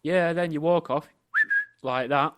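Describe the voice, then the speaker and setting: A man co-hosting a podcast over a remote call, trading dry, deadpan jokes and laughing easily. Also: on the high side, measured pace, clean tone. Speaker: podcast co-host. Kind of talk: casual banter.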